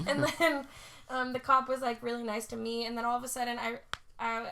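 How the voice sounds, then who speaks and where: A woman's voice: on the high side, level tone, brisk, gravelly, sharp tone. A young woman co-hosting a podcast, telling a story in casual chat, swearing a lot, laughing often and saying "like" constantly. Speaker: podcast co-host.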